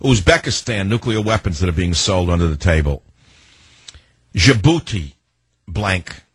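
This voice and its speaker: A man's voice: low-pitched, animated, a little slow, husky, dry recording. An older man hosting a talk show, rambling in a sardonic, free-associating monologue. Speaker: radio talk host. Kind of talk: opinionated talk radio monologue.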